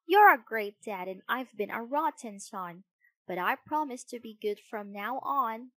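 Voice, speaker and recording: Storybook puppet boy, bratty and shouty, high and lively, played by a woman. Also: a little slow, no echo. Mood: earnest. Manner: bratty, loud outbursts. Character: mischievous rude boy puppet, impulsive.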